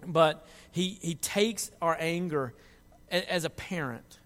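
A man preaching a sermon, moving from quiet reflection to loud, impassioned pleading. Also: a little high, slow. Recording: long hall reverb.

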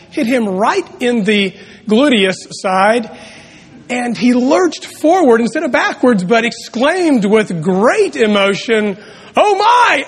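A middle-aged male pastor preaching earnestly, with dramatic pauses and emphatic rises. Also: high-pitched, fairly bright tone, slightly rough. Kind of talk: sermon with prayer and storytelling. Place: church sanctuary. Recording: long reverb of a church hall.

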